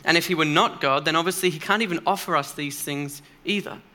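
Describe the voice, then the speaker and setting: A man's voice: on the high side, brisk, bright, forceful tone. A man preaching a sermon in a church, earnest and emphatic, speaking conversationally with occasional fillers.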